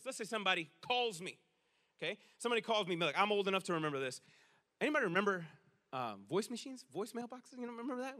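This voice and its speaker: Brief: male preacher, conversational sermon delivery, high, sharp voice. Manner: energetic, conversational, addresses the crowd as guys.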